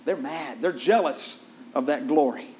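A male preacher with a slightly raised pitch tells a scripture story in lively, plain speech, often turning to the congregation with questions. He drops soft and low for the solemn points, with a faint hum of noise behind him. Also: unhurried. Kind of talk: sermon.

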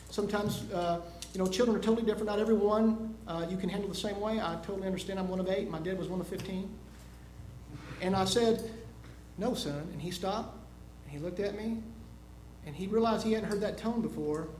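A high-pitched man delivers a sermon, telling a homely story before rising into loud, emphatic preaching. His voice rings in an echoey room with a faint hiss of noise behind it.

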